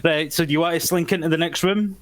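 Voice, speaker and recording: A man's voice: on the high side, fairly even intonation. A man playing a tabletop game, chatting casually and giggling often. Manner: slow, giggly. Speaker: player.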